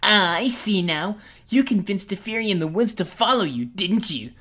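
A woman's voice: mid-range voice, expressive, normal speed, fairly bright tone, close to an everyday voice. A woman voicing a sneering, bratty older boy of the forest folk in a storybook reading. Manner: sneering, scoffing.

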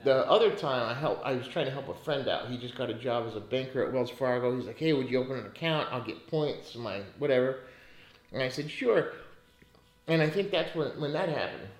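A man's voice: medium pitch, brisk. Blunt, cursing man in an echoey room. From United States. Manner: profane and blunt, rants in bursts. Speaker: podcast host. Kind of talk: casual money-advice podcast.

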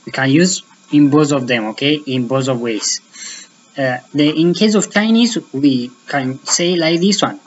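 A woman from Ethiopia, a native Afaan Oromo speaker, teaches in a low, unhurried voice, repeating phrases and restarting words patiently. The recording sounds slightly dull and lo-fi, with a faint hiss underneath. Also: expressive. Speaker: language teacher. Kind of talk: slow language lesson.

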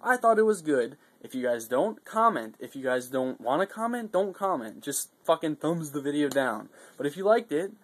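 A man's voice: a little high, moderate pace, few pauses, slightly rough. A man giving a casual, rambling video recap, swearing often and getting worked up between fillers and restarts. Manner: profane, excitable, rambling with fillers. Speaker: vlogger reviewing a wrestling show.

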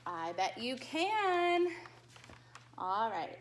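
A woman who teaches dance to small children, reading a picture book aloud in a slow, animated and cheery way that coaxes them to join in. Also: a little high, a little hiss or hum. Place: dance studio.

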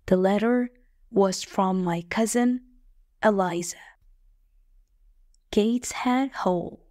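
A woman narrating a story in the first person for English learners, slow, plain and clearly spoken. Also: medium pitch, darkish tone, no room sound, studio quality. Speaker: audiobook narrator.

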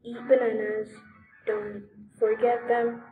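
A young woman giving excitable, giggly commentary while playing a video game. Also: on the high side, narrow, tinny audio, soft background music. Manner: giggly, excitable, quick outbursts. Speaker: gamer. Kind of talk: let's play commentary.

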